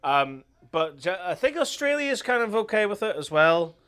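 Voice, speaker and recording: A man's voice: sits high, big pitch swings, moderate pace, a bit bright, smooth. An Irish man chatting casually, swearing freely, laughing often and acting out voices in his stories. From Ireland. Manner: crude, laughing, acts out voices in anecdotes. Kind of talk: casual chat.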